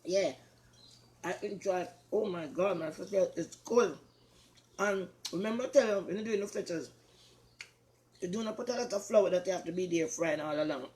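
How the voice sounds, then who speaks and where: A woman's voice: on the low side, normal speed, pauses often. An older woman with a Jamaican accent, hosting a casual cooking chat and talking to viewers with lots of repetition. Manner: chatty, repeats herself, warm asides to viewers. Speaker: talk show host.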